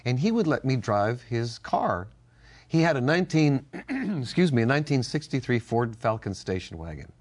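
Older man, from the United States, animated storyteller, very lively pitch, faith talk show co-host. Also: normal speed. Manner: animated storyteller, laughs often. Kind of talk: casual faith-based chat.

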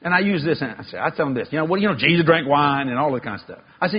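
A man preaching a sermon, telling a story in a folksy way with y'all and ain't, swinging from loud exclaiming to low hushed tones. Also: lively intonation, very fast, slightly rough, dull audio. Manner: folksy Southern-style speech with y'all and ain't.

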